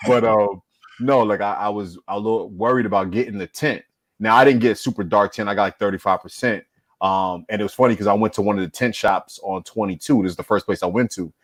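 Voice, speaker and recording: A man telling an anecdote in a relaxed, chatty way among friends. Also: lowish voice, fairly quick, dry recording. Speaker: discussion panelist. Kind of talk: casual chat.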